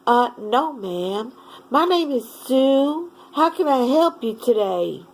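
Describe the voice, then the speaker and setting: Bright, slow, robotic-polite phone agent , a woman putting her on; repeats the greeting by rote. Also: high-pitched, big pitch swings, exaggerated voice, poor audio. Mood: mechanically polite. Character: polite scripted female call-center agent.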